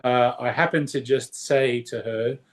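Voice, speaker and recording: A man's voice: mid-range voice, steady tone, unhurried. An Australian man co-hosting a podcast, chatting casually with playful, teasing banter. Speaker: podcast co-host. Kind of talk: casual chat. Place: Las Vegas.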